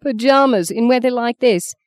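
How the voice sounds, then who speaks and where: A woman's voice: on the high side, normal speed, dry recording, pitched above the performer's own voice, close to an everyday voice. A woman reading a curt, impatient young husband. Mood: brusque. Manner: curt, brusque and commanding. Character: blunt young adult man, impatient husband.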